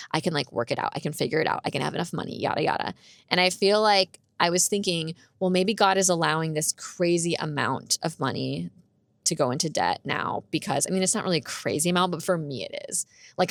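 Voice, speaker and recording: A woman's voice: on the low side, a bit bright, no room sound, studio quality. A woman vlogger telling a personal story in a chatty, rambling way. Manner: chatty, rambling, many "like"s, laughs while telling. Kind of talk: casual storytelling vlog.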